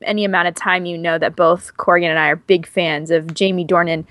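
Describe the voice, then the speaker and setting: A woman's voice: on the low side, fairly even intonation, a little fast, fairly bright tone, dry recording. Chatty woman cohost gushing away, lots of ums, dry recording. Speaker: podcast co-host. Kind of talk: casual chat.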